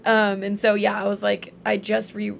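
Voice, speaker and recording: Young woman, casual storyteller, lots of fillers, gravelly fry, faint background hiss. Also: medium pitch, moderate pace. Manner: animated storytelling with many fillers. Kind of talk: casual faith chat.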